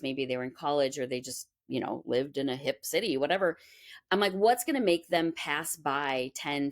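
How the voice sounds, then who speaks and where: Woman, low pitched, interview guest, animated storyteller, casual chat. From Minnesota, US. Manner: animated, acts out quoted voices. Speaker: guest, music school owner.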